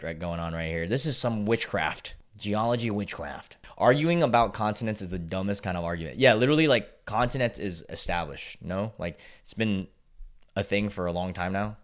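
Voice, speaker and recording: A man's voice: lowish voice, a bit bright. A young man hosting a casual reaction video, reading posts aloud and reacting bluntly with frequent swearing.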